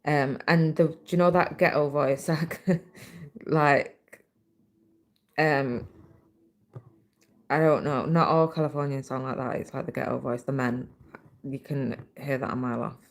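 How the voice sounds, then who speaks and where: A woman's voice: rumbling low, steady tone, a little slow, long pauses. A British woman hosting a casual livestream, chatting away and reading viewer comments aloud while she stitches, into a laptop mic. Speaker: livestream host.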